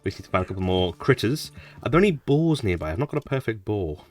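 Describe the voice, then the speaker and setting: A man's voice: lowish voice, sing-song, fast talker, distant mic. A man casually commenting on his playthrough as a gaming streamer, chatty with mumbled asides. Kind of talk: casual let's-play commentary.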